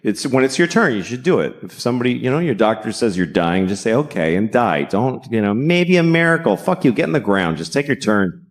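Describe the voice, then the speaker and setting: A middle-aged man doing a stand-up comedy set, deadpan and profane, building to shouted rants. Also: mid-range voice, brisk. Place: comedy stage before a live audience.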